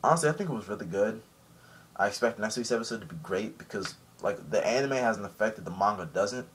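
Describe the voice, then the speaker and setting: A man reviewing an anime episode in a casual recap, animated and rambling with many fillers. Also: lowish voice, fast, slight background noise.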